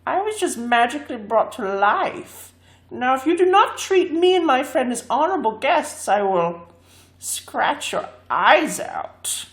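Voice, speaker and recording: A woman's voice: high-pitched, very animated, unhurried, fairly bright tone, echoey room, voice pushed up, heavily acted. A woman voicing a vain, cheeky talking glass cat in a storybook reading. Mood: saucy. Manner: cheeky and sassy.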